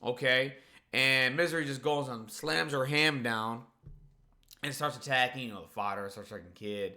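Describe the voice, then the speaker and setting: A man rattles through a casual manga chapter review, his voice bright and forward. He swears freely and keeps circling back with "like" and "you know" as he walks through the action. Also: medium pitch, normal speed. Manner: excited, profane, full of "like" and "you know". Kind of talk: casual spoken chapter recap.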